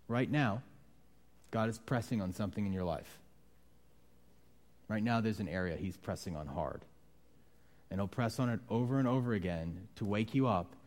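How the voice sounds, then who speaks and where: A man preaching a conversational sermon, shifting from quiet reflection to loud, animated outbursts as he acts out voices. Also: lowish voice. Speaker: pastor.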